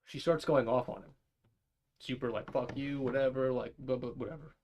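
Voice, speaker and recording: A man's voice: medium pitch, moderate pace, darkish tone, slight background noise. A young man co-hosting a casual talk show, telling a rambling, profane story and acting out the voices of the people in it. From New York area. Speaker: podcast co-host.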